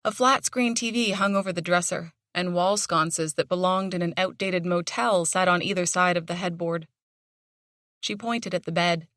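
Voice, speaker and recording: A woman narrating an audiobook in a measured, storytelling manner. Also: on the low side, a bit bright, dry recording, clean studio sound. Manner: measured storytelling with dramatic tension. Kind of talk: scripted narration.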